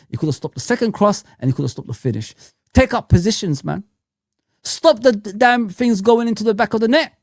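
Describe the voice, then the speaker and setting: A man's voice: mid-range voice, mellow, dry recording, studio quality. A man hosting a football fan live chat, ranting in an exasperated way and repeating himself for emphasis. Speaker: fan channel host.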